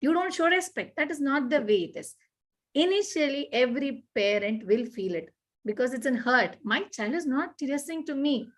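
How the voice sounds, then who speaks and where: A woman talks through parenting advice in a conversation. She is earnest and animated, often acting out what parents and children say. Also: sits high, moderate pace. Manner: earnest, repetitive, animated explaining with acted-out examples. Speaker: parenting expert guest.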